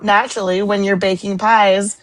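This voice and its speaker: A woman co-hosting a casual interview, her mid-range voice tossing off playful, laughing asides. Loud crowd noise fills the background behind her. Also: mid-range voice, flat delivery, normal speed, rough recording. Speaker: co-host.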